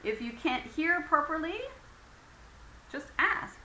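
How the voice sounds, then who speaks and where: A woman's voice: on the high side, big pitch swings, measured pace, pushed and bright. A woman teaching an English conversation lesson in a patient way, with many fillers, acting out example phrases. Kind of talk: recorded lecture. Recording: echoey room with faint ambient noise.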